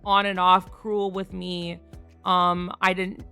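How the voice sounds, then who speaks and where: A woman streamer chatting casually on a live stream, frank and quick to laugh, swearing freely. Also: fairly low pitch, flat delivery, bright, forceful tone, smooth, faint music behind.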